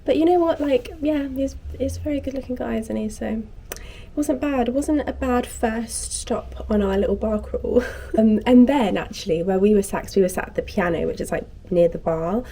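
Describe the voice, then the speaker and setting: A young woman in her twenties, vlogging in a relaxed, mellow voice. She tells a story animatedly and acts out every line of the conversation, with faint noise behind her. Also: on the high side, normal speed. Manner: animated storytelling, acting out both sides of the story. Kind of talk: casual chat.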